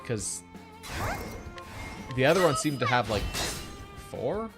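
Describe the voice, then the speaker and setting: A man's voice: mid-range voice, sing-song, slow, over music. Joking man streaming a game. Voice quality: chatty, joking, self-deprecating. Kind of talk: casual gameplay commentary.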